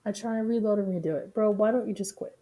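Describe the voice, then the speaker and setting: A woman's voice: mid-range voice, fast talker, dark tone, faint music behind. A young woman streaming, casually reacting with profane, joking commentary.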